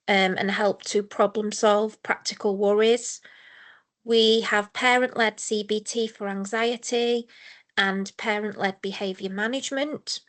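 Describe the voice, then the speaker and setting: A woman runs through an online presentation for parents and staff. Her pitch sits in an ordinary middle range. She talks in a measured, explanatory way, pausing now and then on a filler. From England. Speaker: mental health service lead presenting a webinar. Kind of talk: scripted webinar presentation.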